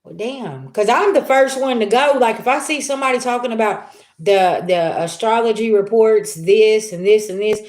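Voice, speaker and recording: A woman's voice: a little high, moderate pace, hardly any pauses, a little mellow. A woman reading on a live stream, talking in a chatty, emphatic way and throwing out rhetorical questions. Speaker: live-stream spiritual reader. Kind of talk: casual live-stream monologue.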